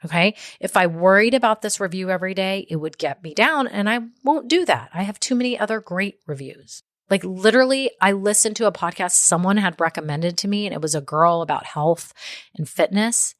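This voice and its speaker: A woman's voice: medium pitch, animated, a little fast, dry recording, studio quality. A woman hosting a podcast and giving business advice in a chatty way, often checking in with "okay?" and "right?". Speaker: podcast host. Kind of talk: solo business advice talk.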